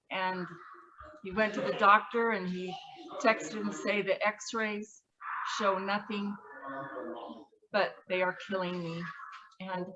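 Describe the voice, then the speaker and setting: A woman sharing memories at a memorial gathering, halting and emotional, her voice often trailing off softly. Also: medium pitch, highs cut off. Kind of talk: memorial tribute speech.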